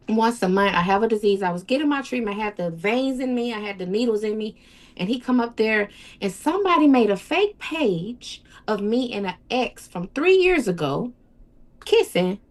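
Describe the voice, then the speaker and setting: An interview guest, a woman, recounts a painful personal story in an emotional, rambling way, repeating herself and acting out quoted speech. Her voice is on the high side with lively intonation, at a normal speed.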